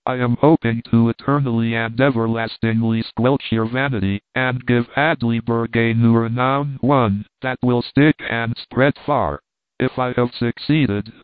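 A man's voice: medium pitch, clean tone, dry recording, close to an everyday voice. A man reading as a gloating, vengeful stranger. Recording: dry, tinny phone-like sound.

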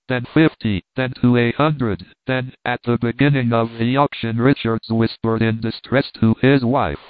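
A man narrating a classic story in an even, clear storytelling manner. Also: medium pitch, dry recording. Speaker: audiobook narrator. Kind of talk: scripted narration. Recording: dry, tinny phone-like sound.

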